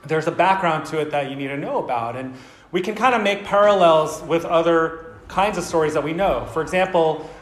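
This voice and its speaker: An American man preaches a sermon in an echoey hall, his voice on the high side and a little fast. He's a casual, lively storyteller who talks directly with the audience.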